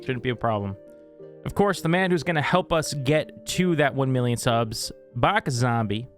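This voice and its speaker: A man's voice: mid-range voice, lively intonation, normal speed, faint music behind. A man hosting a tabletop game stream, introducing players in a playful, joking way. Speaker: game master and show host.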